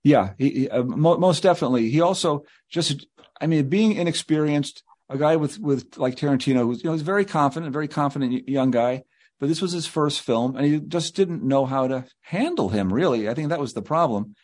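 A man's voice: a little high, fairly quick, a little mellow. A male guest author telling rambling anecdotes in an interview, slipping into quoted voices.

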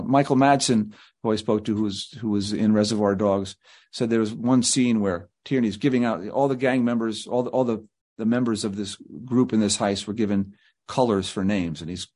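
A man's voice: fairly low pitch, a little mellow. A male guest author telling rambling anecdotes in an interview, slipping into quoted voices.

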